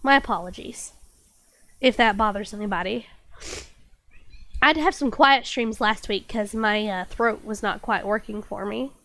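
A woman's voice: medium pitch, normal speed, long pauses, pushed and bright. A woman game streamer chatting casually and reading chat aloud, still getting over a cold with a slight cough and stuffy nose.

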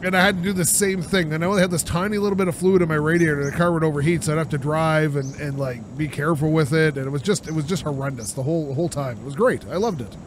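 A man's voice: on the high side, fast talker, hardly any pauses. A young man with a sore throat, chatting and laughing as he plays a driving game. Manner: chatty, rambling, laughs often. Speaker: gaming channel host. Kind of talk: let's play commentary. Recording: game engine noise underneath. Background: car engine and game ambience.

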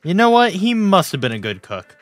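A man streams in casual banter, his pitch swinging widely as he teases his co-host. He swears offhandedly. Faint music sits underneath. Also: brisk. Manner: lively, swears casually, teasing.

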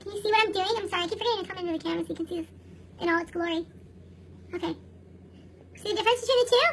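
A woman's voice: very high voice, racing, noisy background. A young adult woman vlogger giggling her way through a casual makeup tutorial.

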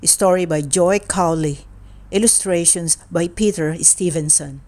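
A woman narrating a children's picture book read-aloud in a slow, deliberate manner. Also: fairly low pitch, over music. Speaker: storybook reader.

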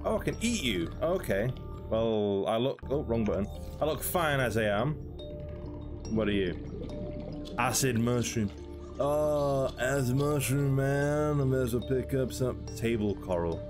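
A man's voice: medium pitch, expressive, a little slow, music in the background. A young man giving casual game commentary, chatting, laughing and talking to creatures in the game. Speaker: gaming video host.

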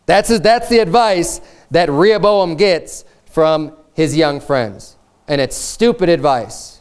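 A man delivers a sermon in an earnest, emphatic way and repeats his key phrases to drive them home. His voice sits somewhat high for a man, with a smooth and resonant tone. He shifts into a formal, old-fashioned cadence when he reads scripture aloud. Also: slow pace. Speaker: pastor.

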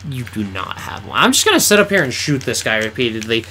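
A man's voice: mid-range voice, huge pitch swings, fast, bright, forceful tone, a little hiss or hum. A man giving blunt, teasing commentary while playing through a video game with a friend. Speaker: game co-host. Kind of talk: let's play commentary.

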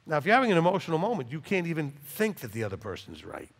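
A male rabbi teaches Torah very fast to a live class in a hall with long reverb. He's animated, acting out dialogues with wide swings in pitch and loudness.

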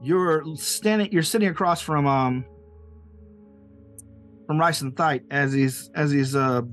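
A man's voice: a little high, slow, a bit bright, soft background music. A man narrating a tabletop game as game master, loose and rambling, laughing often.

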